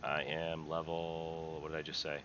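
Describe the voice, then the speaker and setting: A man's voice: a bass voice, monotone, normal speed, highs cut off. A man casually chatting while playing a trucking game on stream, dry and teasing. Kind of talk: casual chat while gaming. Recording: clear background noise.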